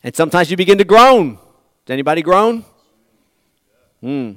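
A pastor preaching a conversational sermon, swinging from loud bursts to near-whispers. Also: male voice, sits high, moderate pace, dry recording, studio quality. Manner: animated, conversational preaching with dramatic swings in volume.

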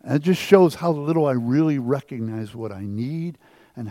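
A middle-aged man preaching a sermon from the pulpit, impassioned, dropping to near whispers and then rising to loud exclamations. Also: medium pitch, animated, moderate pace, dry recording. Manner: impassioned, swings from hushed to loud. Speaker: pastor. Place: church.

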